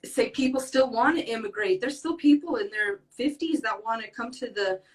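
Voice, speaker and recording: A woman's voice: on the high side, moderate pace, distant mic, rough recording. A young woman speaking earnestly as a podcast guest in casual talk, rambling with many fillers. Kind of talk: casual conversation.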